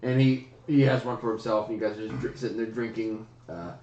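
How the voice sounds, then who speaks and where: Brief: male game master, mid-pitched, loose rambling narration, roomy muffled stream audio. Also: brisk, soft background music. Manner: relaxed, rambling narration with fillers. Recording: roomy, dull livestream audio.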